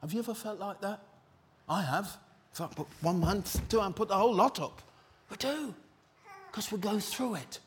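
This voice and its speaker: A man's voice: high voice, normal speed, long pauses, slight background noise. A British man preaching a sermon at a church service in an exclamatory, rousing way, calling out to the congregation.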